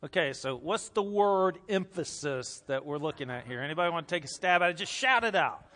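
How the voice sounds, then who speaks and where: A male pastor delivers a lively sermon. His voice sits a little high and rings bright and forceful. He reads scripture with strong emphasis and puts questions to the congregation. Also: a little fast.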